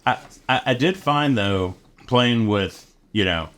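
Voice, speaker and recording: A man's voice: mid-range voice, animated, slow, a bit bright. A man hosting a podcast in casual chat, playful and poking fun at himself. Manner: self-mocking, playful. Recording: noisy background.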